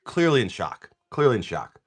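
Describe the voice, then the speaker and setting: Lively joking man streamer. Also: mid-range voice, normal speed. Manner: joking, rambling storyteller. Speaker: host of a live card-selling stream. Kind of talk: casual chat.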